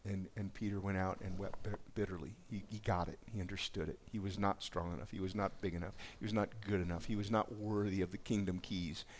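A man's voice: sits low, steady tone, a little fast, few pauses, slight background noise. A man preaching a sermon, reading scripture aloud and reflecting on it in a conversational way. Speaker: pastor.

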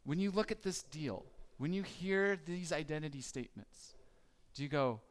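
A man's voice: fairly high pitch, normal speed. A man preaching a conversational sermon, asking the listeners questions and acting out their worries. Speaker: pastor.

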